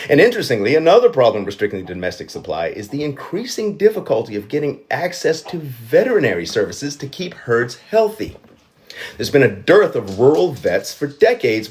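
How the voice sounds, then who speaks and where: A man's voice: mid-range voice, darkish tone. A man hosting a live show, delivering satirical news commentary with sarcastic, profane asides. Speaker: host. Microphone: livestream.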